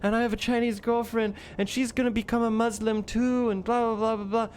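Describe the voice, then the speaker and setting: A man voicing a panicked young male student who pleads and begs in a high, whiny voice. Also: level tone, a little fast, slight background noise. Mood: pleading.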